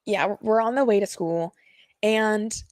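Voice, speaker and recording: A woman's voice: medium pitch, a little slow, a little mellow, no room sound. A young woman telling a painful personal story to her viewers, rambling and slangy with many fillers, nervous and close to tears. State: nervous, sweating.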